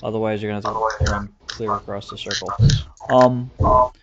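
A man with a fairly low voice keeps the casual chat moving, asking questions and bringing up topics. Steady background noise runs under his call audio. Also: normal speed, dull audio. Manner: relaxed, steers topics, asks questions. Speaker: podcast host. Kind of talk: casual chat on a conference call while gaming. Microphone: computer headset on a conference call.

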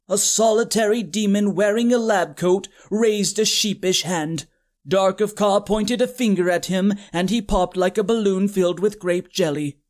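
A narrator reading a comic story in a dry, deadpan manner. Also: medium pitch, moderate pace. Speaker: audiobook narrator.

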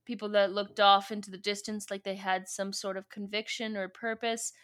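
Bright-voiced woman recapping a book. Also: mid-range voice, flat delivery, moderate pace, clean tone. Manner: rambling, joking, retells scenes with quoted dialogue. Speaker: podcast co-host. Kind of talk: casual book recap and reading.

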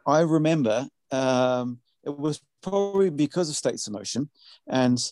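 A man's voice: mid-range voice, a little slow, darkish tone, dry recording, clean studio sound. A man, a music producer, talking in a rambling casual podcast chat full of fillers.

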